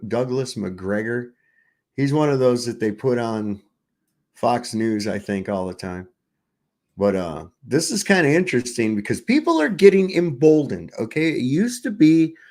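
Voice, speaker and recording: A man hosting a livestream, talking casually and profanely over clips, often restarting and trailing off. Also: medium pitch. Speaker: livestream host.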